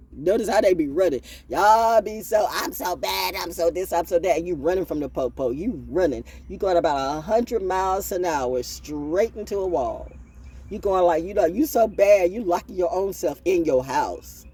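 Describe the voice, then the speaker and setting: Woman ranting on her channel, husky voice, swooping lively pitch, blunt and profane. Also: normal speed. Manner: blunt, profane, preachy and animated. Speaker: oracle reader and channel host. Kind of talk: freestyle livestream rant.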